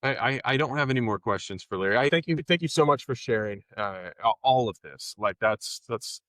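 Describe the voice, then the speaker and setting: A man emcees a live podcast session in a playful, upbeat way and jokes with the crowd. His pitch is ordinary, and his voice sounds dry and close, with no room echo. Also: animated, a little fast, a bit bright. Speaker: podcast host.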